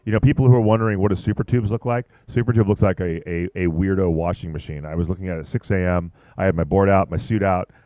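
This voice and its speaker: A man commentating live at a surfing contest, chatty and excitable, rambling about boards and waves. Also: sits low, quick pace, few pauses, no echo, dull audio.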